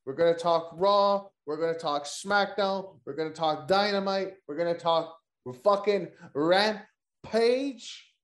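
A man hosts a casual wrestling podcast. His voice sits a little higher than most men's and rings in an echoey room. He jokes, curses freely and keeps the chat loose. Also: a little slow. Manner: loose, joking, profane banter. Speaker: podcast host.

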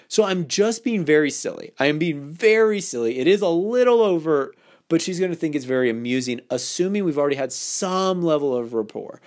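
Animated man with a lively voice. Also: on the high side, a little fast. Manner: playful, acts out quoted lines, many restarts. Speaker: podcast host. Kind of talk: casual advice podcast monologue.

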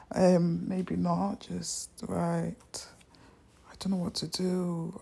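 A young woman rambles in a slow, unhurried vlog from home, recorded on her phone. Her voice is low, dark and gravelly, with a husky edge, and she often sinks into whispers and self-mocking asides. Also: monotone. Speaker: vlogger. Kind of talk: casual unedited vlog.

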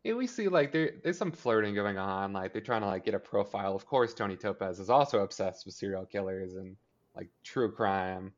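A man's voice: fairly low pitch, normal speed, highs cut off. A man co-hosting a podcast, recapping a TV episode in casual chat and acting out the characters' lines. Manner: rambling, filler-heavy, acts out character lines. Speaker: podcast co-host.

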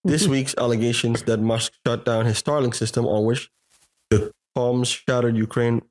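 A man's voice: mid-range voice, fairly even intonation, moderate pace. A man co-hosting a casual podcast, reading an article aloud with joking asides and frequent swearing. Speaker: podcast co-host.

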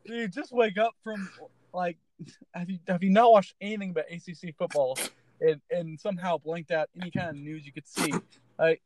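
A man's voice: high-pitched, fairly even intonation, moderate pace, darkish tone, no echo. A man co-hosting a sports talk show, chiming in with sarcastic jabs at a rival team. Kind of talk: casual sports podcast chat.

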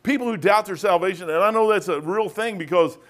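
A male pastor leads a loose, chatty Bible study, wandering between points and tossing "man" into his sentences. His speaking voice sits a little high for a man. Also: brisk. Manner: rambling, conversational, peppers talk with "man". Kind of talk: casual Bible study teaching.

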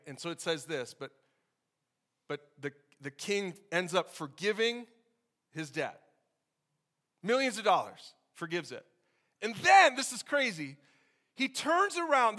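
A middle-aged male pastor delivers a sermon in a lively, conversational way. His voice sits high and sounds bright and forceful. He talks to the congregation directly and bursts into loud exclamations now and then. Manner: energetic, conversational preaching with sudden loud outbursts.

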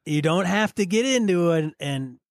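A man's voice: high-pitched, animated, moderate pace, no echo, studio quality. A man co-hosting a casual podcast, talking his partner through voice exercises. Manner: coaching, prompts his partner by name. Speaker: podcast co-host.

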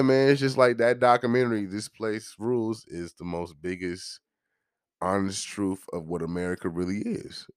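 A man's voice: on the low side, no echo, studio quality. A man hosting a podcast, ranting in a heated, profane and joking way. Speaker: podcast host. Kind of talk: casual podcast rant.

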